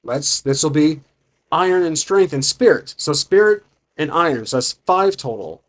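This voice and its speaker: A man's voice: a little high, animated, moderate pace. A man narrating his solo tabletop game, thinking aloud with frequent restarts. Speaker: solo game master and player.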